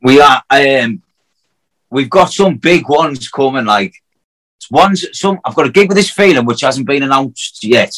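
A man's voice: mid-range voice, lively intonation, a bit bright, rough recording. Swearing Hartlepool man. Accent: Hartlepool, North East England. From Hartlepool, England. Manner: swearing, fast, lots of fillers. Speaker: acoustic singer-songwriter guest. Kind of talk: casual chat.

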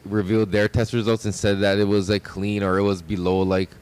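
A man's voice: on the low side, little pitch movement, fairly quick, darkish tone, clean tone. A man with a Hawaii local accent in casual chat, talking in an indignant, profane way.

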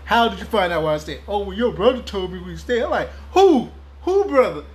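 Animated young man telling a story. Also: high voice, fast. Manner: animated, laughing often, acts out his own lines. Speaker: podcast co-host. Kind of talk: casual chat, storytelling.

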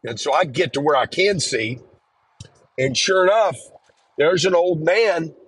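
Husky-voiced man telling a story. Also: a little high, measured pace, fairly bright tone, no echo, low-quality recording. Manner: earnest, conversational, frequent restarts. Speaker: storyteller recounting his own experience. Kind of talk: personal storytelling.

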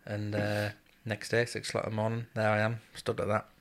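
A man's voice: on the low side, completely flat delivery, brisk, creaky, fairly bright tone. A man telling a story from his service days in a podcast chat, blunt and swearing freely, often laughing as he talks. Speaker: guest, former RAF serviceman.

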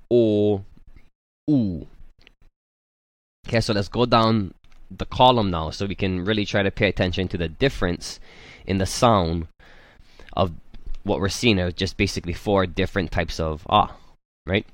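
In a dry, clean studio recording, a low-pitched, slightly bright male voice leads a language lesson. He patiently sounds out vowels for his students, speaking slowly and carefully, frequently checking in with "right?" and filling gaps with "um."

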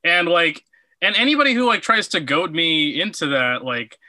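A man's voice: on the high side, normal speed, sharp tone, no echo. A man chatting on a podcast with sarcastic, profane banter. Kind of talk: casual chat.

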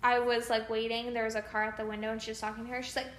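A young woman co-hosting a podcast, telling stories in an animated, casual way. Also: fairly high pitch, very fast, roomy sound. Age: young adult. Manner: animated storyteller. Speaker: podcast co-host. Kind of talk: casual storytelling chat.

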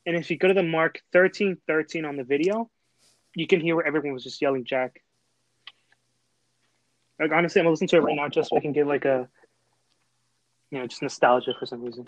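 Rambling young man, fairly high voice. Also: quick pace, long pauses, no room sound, poor audio. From Texas. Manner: rambling storyteller, full of fillers and restarts. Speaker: host. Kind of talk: casual chat.

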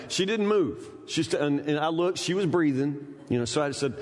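A man, preaching a sermon with folksy, animated storytelling. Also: on the high side, quick pace, few pauses, in a large hall. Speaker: pastor.

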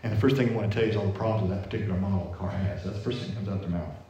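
A man's voice: low-pitched, rapid-fire, mellow, roomy sound. A middle-aged man preaching a sermon in a conversational, folksy way, full of everyday stories.

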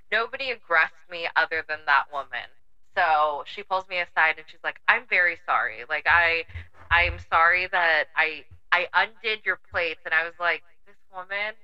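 A woman's voice: low voice, bright, forceful tone, clear, resonant tone, muffled recording. A woman guest on a podcast telling a personal story in casual chat, emphatic and swearing freely.

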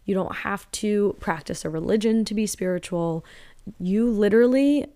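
A woman's voice: mid-range voice, moderate pace, mellow, clear, resonant tone. A young woman hosting a podcast, talking in an earnest, rambling way about a spiritual journey, full of "like" fillers. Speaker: podcast host. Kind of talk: casual spiritual podcast monologue.

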